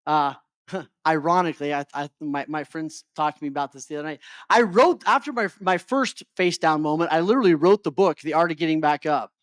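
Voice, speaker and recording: A middle-aged male life coach talks to a live crowd in a voice pitched a little above the usual. He keeps asking whether the audience is with him and trips over repeated words as he goes. The recording is dry, with almost no room sound. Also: fairly quick, fairly bright tone, dry recording. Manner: checks in with listeners often, stumbles and repeats words. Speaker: life coach and motivational speaker. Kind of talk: motivational talk to a live audience.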